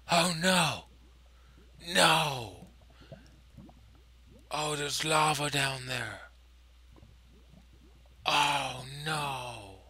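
A man's voice: mid-range voice, bright, forceful tone. A man hosting a let's play at home at night, muttering to himself, dropping to whispers and bursting into frustrated cries. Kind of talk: gaming commentary.

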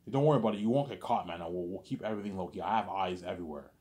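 A man's voice: low-pitched, racing, darkish tone, close to an everyday voice. A man voicing a young male coworker, a persuasive hacker who speaks in a coaxing, reassuring way.

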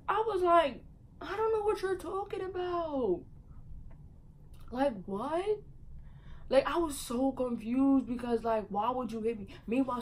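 A young woman vlogger telling a story in casual slang, her voice swinging loud and high as she laughs and mimics people. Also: poor audio.

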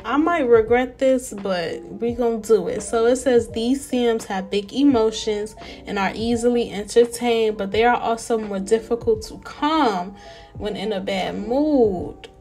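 A young woman giving casual, animated let's-play commentary and talking straight to her viewers. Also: on the high side, measured pace, faint music behind. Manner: chatty, animated, talks to viewers as y'all. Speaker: gameplay narrator.

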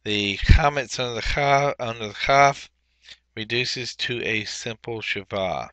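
A man teaching a Biblical Hebrew workbook lesson, explaining methodically step by step and pausing often with fillers. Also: medium pitch, a bit bright, no echo. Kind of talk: recorded workbook walkthrough lesson.

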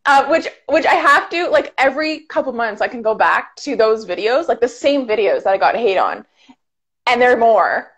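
A woman from Ottawa, Canada, appears as a YouTuber guest on a video call, her slightly high voice bright and lively in intonation. She chats fast and casually, packing in fillers and frequent "like," over dull lo-fi audio.

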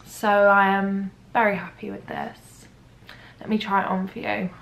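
A young woman talks to camera in a casual home vlog, gushing and rambling with plenty of "like"s. Her pitch sits in an ordinary middle range, and faint household noise hums behind her. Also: level tone, unhurried, gravelly, low-quality recording. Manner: chatty, gushing, rambling with many "like"s. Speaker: vlogger. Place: at home, kitchen.

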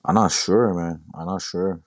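Young guy, super deep voice, telling his story, stumbles and repeats a lot. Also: steady tone, no room sound. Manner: halting, repeats words, quotes himself. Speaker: guest sharing his story. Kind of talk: casual storytelling.

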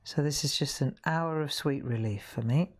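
A woman in her sixties hosts a live craft demonstration with a low, deep-set voice. She talks in a rambling, friendly way and often stops and restarts her sentences as she works. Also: moderate pace, slightly rough. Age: 60s. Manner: chatty, rambling, self-interrupting. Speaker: craft show host.

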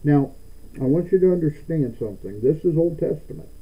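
Stammering pastor preaching, tinny sound. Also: male voice, on the high side, expressive, a little fast, breathy edge. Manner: stammers and repeats words, rising to emphatic declarations. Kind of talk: sermon.

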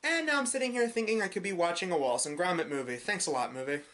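A New York woman delivers a sarcastic movie review, snarky and mocking, and grows more exasperated as she goes. Her voice sits fairly low, with lively intonation and a fast pace, and music plays in the background.

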